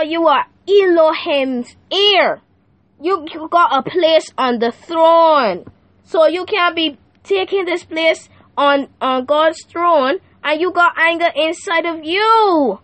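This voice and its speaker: A young woman with a fairly high voice gives a casual devotional on her podcast. She teaches in a playful, slangy way and keeps checking in with the listener, asking "right?" again and again. The sound is dry and close. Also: dry recording. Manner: animated, laughing, asks the listener "right?" often. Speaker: youth podcast host.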